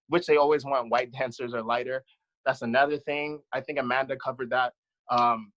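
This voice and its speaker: A man's voice: medium pitch, fairly bright tone, muffled recording. A man on a discussion panel telling a personal account in an impassioned, blunt way, swearing freely.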